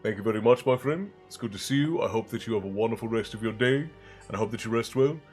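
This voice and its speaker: A man's voice: fairly low pitch, fast, darkish tone, faint music behind. A man hosting a casual live stream, chatting loosely with viewers, reading out their messages and thanking them by name. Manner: chatty, reads chat aloud and thanks viewers.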